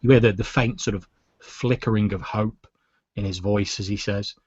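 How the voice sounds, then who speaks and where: A man's voice: lowish voice, fairly even intonation, moderate pace, a little mellow, breathy edge, dry recording, lo-fi sound. A man narrating as game master of a tabletop role-playing game, in a casual way. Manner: casual, many "like" fillers.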